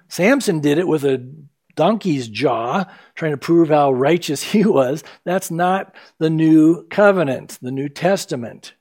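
Guy preaching a sermon, pretty high voice, punches words hard then drops low and slow at the ends. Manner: emphatic, swings between loud peaks and low drawn-out endings.

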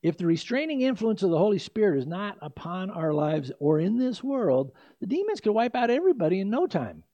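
An older male pastor preaches with a lively, swinging delivery and a fairly high voice. His tone is mellow rather than bright. The recording is dry and a bit dull. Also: fairly quick, dry recording. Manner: animated, emphatic preaching with asides. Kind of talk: sermon.

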